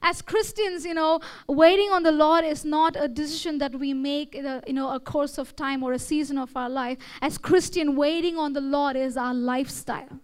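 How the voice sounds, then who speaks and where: Her voice sits high and steady as she moves at a moderate pace with hardly any pauses. A young woman with an Indian English accent, she preaches conversationally and keeps checking in with "okay?" and "all right?".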